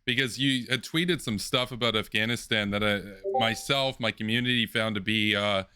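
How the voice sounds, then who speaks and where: A man hosting an online political debate, speaking in a measured way with many filler ums and uhs. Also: on the low side, bright, forceful tone, clear, resonant tone. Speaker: debate host.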